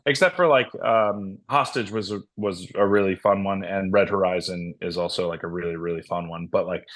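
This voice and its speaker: A man guesting on a podcast speaks in a lowish voice with eager, upbeat energy. His talk is loose and casual, sprinkled with swearing. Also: steady tone, normal speed, fairly bright tone. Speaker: band member guest. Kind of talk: casual interview chat.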